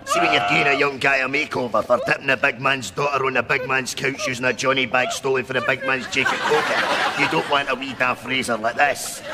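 A man's voice: fairly even intonation, a little fast, hardly any pauses, over a noisy crowd, close to an everyday voice. Man playing a brash Scottish hard man. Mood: boastful. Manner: bragging, aggressive, pitchman patter. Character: boastful brash male hard man, pushy salesman.

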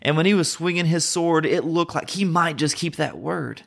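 A man's voice: fairly high pitch, normal speed, vocal fry. Southern American man teaching scripture. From North Carolina, USA. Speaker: podcast host and Bible teacher.

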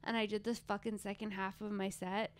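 A woman's voice: medium pitch, flat delivery, brisk. A woman from Southern California, a stand-up comedian chatting casually as a podcast guest and telling stories in a laid-back way.

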